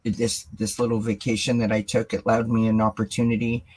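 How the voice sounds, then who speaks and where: A woman's voice: rumbling low, flat delivery, fairly quick, darkish tone, husky, rough recording. Tarot lady chatting on her live stream, says hi to everyone in chat, laughs a lot. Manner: chatty, greets viewers by name, laughs often. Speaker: tarot reader and channel host.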